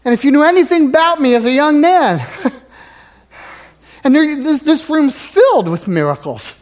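A male pastor preaching a sermon in a church sanctuary, swinging from loud exhortation to near-whispers. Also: very high-pitched, very animated, a little slow.

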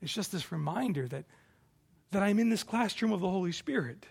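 A male pastor preaching a sermon, moving between hushed reflection and forceful declarations. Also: high voice, expressive, brisk, gravelly, breathy edge.

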